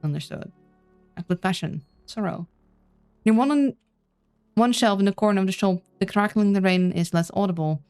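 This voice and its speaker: A woman's voice: medium pitch, normal speed, pauses often, darkish tone, clean tone, soft background music. A woman casually playing a narrative game, reading its text aloud with chatty, playful asides and stumbles over names. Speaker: let's-play streamer.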